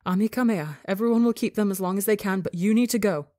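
A woman's voice: mid-range voice, steady tone, normal speed, darkish tone, no echo, clean studio sound, lightly acted. A woman voicing a loving alien mother with antennae, pleading and watery-voiced. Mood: urgent, tearful.

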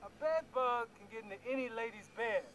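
Cocky young guy, boastful, brash delivery, strikingly high voice. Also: brisk, fairly bright tone, slight background noise, low-quality recording. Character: cocky young man, boastful self-styled player.

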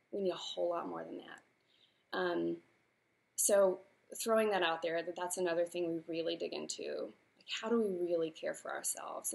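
Creaky-voiced woman in her thirties, chatty. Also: fairly low pitch. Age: 30s. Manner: chatty and earnest, with fillers. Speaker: author. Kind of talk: casual chat and reading her own book aloud.

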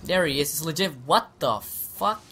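A young man giving excitable let's play commentary, swearing and shouting at the game. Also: a little high, moderate pace, slight background noise. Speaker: gaming commentator.

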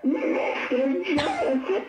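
Performer doing a shrill whiny schoolgirl, tattling, high squeaky voice, echoey muffled noisy recording. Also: wildly swooping pitch, slow, exaggerated voice. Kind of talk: improvised comedy skit. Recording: roomy, distant, muffled, noisy.

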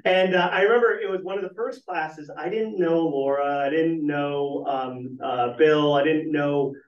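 A middle-aged man, a business trainer, telling lively stories to a meeting room and asking the audience questions. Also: on the high side, measured pace. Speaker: business trainer and guest speaker. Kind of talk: storytelling talk at a networking meeting. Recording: echoey, muffled room recording from far off.

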